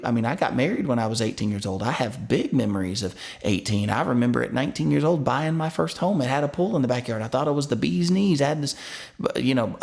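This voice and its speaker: A man's voice: mid-range voice, vocal fry. A man in his thirties, a pastor, preaching a sermon in a conversational way, asking his listeners questions and restarting words now and then.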